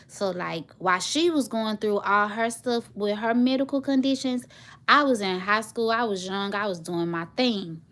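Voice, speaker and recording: A woman's voice: medium pitch, normal speed, fairly bright tone. A woman, telling a personal story to her viewers in a heartfelt, emotional way. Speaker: vlogger, single mother.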